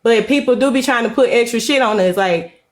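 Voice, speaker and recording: A woman with a slightly high voice speaks bluntly on a phone live stream. She is confrontational and full of casual slang, and she stands her ground. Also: a little fast. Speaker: livestream guest. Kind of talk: heated live-stream argument.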